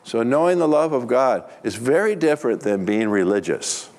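A man's voice: medium pitch, normal speed. A middle-aged man preaching, telling stories and acting out the dialogue. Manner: animated storyteller, acts out dialogue. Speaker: pastor. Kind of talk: sermon with storytelling.

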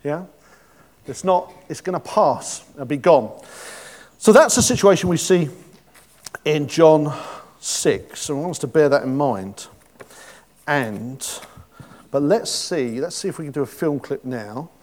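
A man's voice: fairly high pitch, lively intonation, unhurried, long pauses, darkish tone. A man giving an informal sermon, chatty and joking, with many restarts. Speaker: preacher.

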